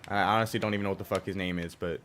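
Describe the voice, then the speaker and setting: A young man with a hoarse, roughened voice that sits a little low, chatting loosely with a live audience while he plays a racing game. He rambles, swears freely and tends to jump up loud when something annoys him. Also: steady tone, very fast, slight background noise. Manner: casual, profane, rambling, with sudden loud outbursts. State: hoarse, strained throat. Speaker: gaming streamer. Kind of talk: live stream commentary.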